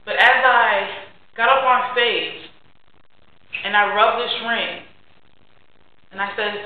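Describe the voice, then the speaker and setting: A young woman giving an earnest, heartfelt personal speech to a class, often trailing off softly. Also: mid-range voice, fairly even intonation, a little slow, pauses often, a little hiss or hum. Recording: very echoey, distant, tinny and lo-fi.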